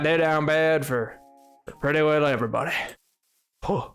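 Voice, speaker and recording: A live streamer playing a game, joking with chat in a loose, excitable way, jumping from loud outbursts to low mutters. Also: measured pace, pauses often, clear, resonant tone, soft background music. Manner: excitable, bantering with chat, jumping between yelling and mumbling. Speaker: livestreamer playing a video game. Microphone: desk mic.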